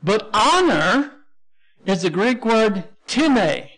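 High-voiced Texan pastor teaching. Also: male voice, very animated, slow, a bit bright. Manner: explains word by word, spells out Greek terms, frequent restarts. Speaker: pastor teaching a Bible class. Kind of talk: verse-by-verse Bible lesson.

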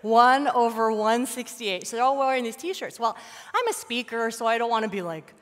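Woman preaching in a church, kinda high voice, chatty and animated, big hall echo. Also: moderate pace. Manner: animated, casual storytelling with fillers. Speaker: guest speaker. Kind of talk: conversational sermon. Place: church sanctuary.

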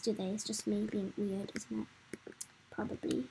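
A chatty young woman giving rambling, excitable commentary while she plays a game. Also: mid-range voice, a little fast, creaky, a little hiss or hum, rough recording. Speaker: gameplay commentator. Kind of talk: casual let's-play commentary.

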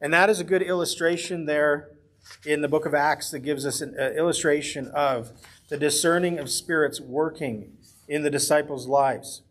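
A male pastor leading a midweek Bible study, talking in an earnest, conversational way. His voice sits a little high and has a husky edge. Now and then he slips into the voices of the people he quotes. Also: steady tone, normal speed.

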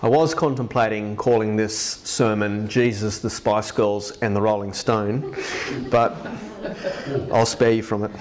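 A man preaching a sermon in church, reading scripture aloud with lively, expressive emphasis. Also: on the low side, a little slow, slight background noise.

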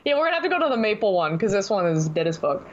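A woman's voice: medium pitch, sing-song, very fast, lo-fi sound, a little hiss or hum. A young woman joking crudely and playfully with a friend while playing a roleplay game. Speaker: game player. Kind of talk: casual voice chat while roleplaying.

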